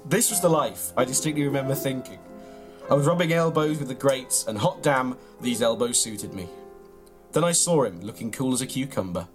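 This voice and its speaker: A man, reading his own absurd comic story in a deadpan, mock-grand way, then bantering. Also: mid-range voice, a little fast, over music. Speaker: comedian reading his own tall tale.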